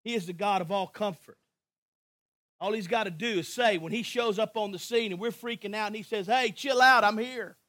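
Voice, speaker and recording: Male pastor, very high voice, impassioned sermon delivery with rhythmic repetition. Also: brisk, dry recording. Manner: impassioned preaching with swings from hushed to shouting.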